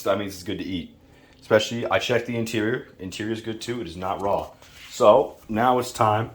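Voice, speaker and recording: A man from Louisiana giving a casual cooking tutorial in his home kitchen, laid-back and profane with joking asides. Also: on the low side. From Louisiana, USA. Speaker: home cook. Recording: noisy kitchen with frying sizzle. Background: food sizzling in a pan.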